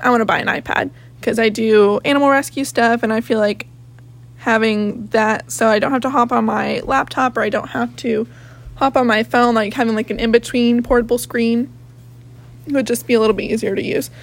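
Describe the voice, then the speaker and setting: A young woman with a slightly high voice that has a gravelly, raspy edge, hosting her own podcast. She rambles in casual chat, swears freely, and jumps from one thought to the next. She is recording at home in her office. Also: fairly even intonation, normal speed. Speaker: podcast host.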